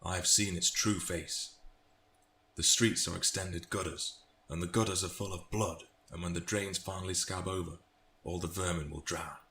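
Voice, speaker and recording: A bleak masked vigilante, put on by a British man, speaks in a hushed, gravelly murmur. The voice sits very low and drags slowly through the lines. It is heard in an echoey room with a faint hiss. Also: fairly even intonation. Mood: grim. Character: grim masked male vigilante, bleak and cold.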